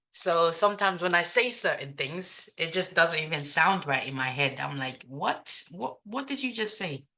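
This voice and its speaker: A day trader with a low, sharp-toned voice talks casually to herself while reviewing her trading session, swearing now and then. Her accent blends African, British and American.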